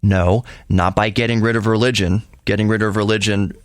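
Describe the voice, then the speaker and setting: A man's voice: on the low side, fairly even intonation, fairly quick, no room sound, clean studio sound. A middle-aged man hosting a podcast, giving an emphatic, lecturing solo monologue with frequent restarts. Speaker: podcast host.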